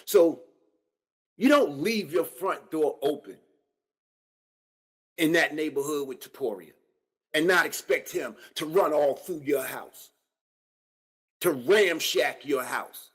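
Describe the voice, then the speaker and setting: A man hosts a solo combat-sports podcast with a husky, slightly raised voice. His delivery is lively and animated, full of slang as he addresses his viewers directly. He sounds like a fan breaking down the matchup for his audience. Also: a little high, slow, pauses often. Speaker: podcast host. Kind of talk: solo fight-analysis podcast.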